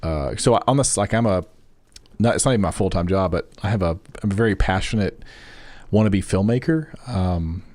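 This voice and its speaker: A young man chats his way through a game stream, rambling from thought to thought and calling out viewers by name. His voice sits on the low side. The sound is dry and close, with no room around it. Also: moderate pace, a little mellow, no echo. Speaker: gaming streamer. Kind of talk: casual live-stream chat.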